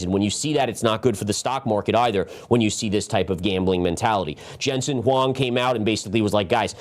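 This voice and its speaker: Middle-aged male host, live market analysis, emphatic and animated, mid-range voice, talks to viewers directly. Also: mid-range voice. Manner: quick talk, sometimes winded. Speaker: market strategist and show host.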